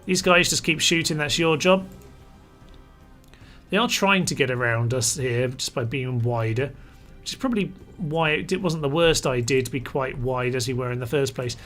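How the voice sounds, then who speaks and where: Bright-voiced gaming host. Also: male voice, medium pitch, normal speed, faint music behind. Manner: chatty, talks his units through orders. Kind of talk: live strategy game commentary.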